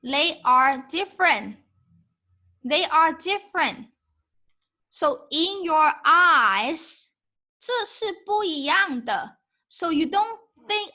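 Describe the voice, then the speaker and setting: A woman with a Mandarin Chinese accent, a native Mandarin speaker teaching Mandarin in a live online lesson, switching between English and Mandarin with emphatic, lively delivery. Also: high voice, slow.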